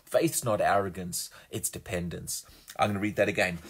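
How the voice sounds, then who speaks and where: A man's voice: low voice, steady tone, moderate pace, breathy edge. A man preaching a sermon with emphasis, often repeating words as he builds a point.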